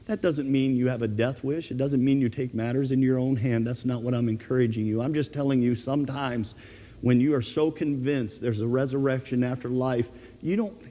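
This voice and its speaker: A man preaching an earnest, animated sermon as pastor, telling anecdotes to his congregation. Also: mid-range voice, moderate pace, long reverb tail. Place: church.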